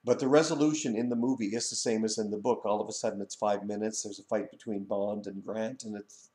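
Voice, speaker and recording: A man's voice: on the low side, fairly even intonation, brisk, a little mellow, echoey room. A man from Canada who hosts a video channel, reviewing a book and its film in a rambling casual way, with many fillers and restarts.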